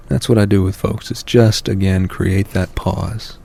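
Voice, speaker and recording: A man's voice: deep voice, fairly even intonation, measured pace, creaky, hardly any pauses, mellow, husky. An American man, a parenting author, answering a radio interviewer in an earnest way that builds to emphatic peaks.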